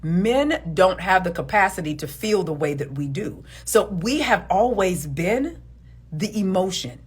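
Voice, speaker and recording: A woman's voice: lowish voice, lively intonation, unhurried, breathy edge. A woman giving emphatic, preachy commentary on relationships, repeating words for stress. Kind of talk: opinionated video commentary.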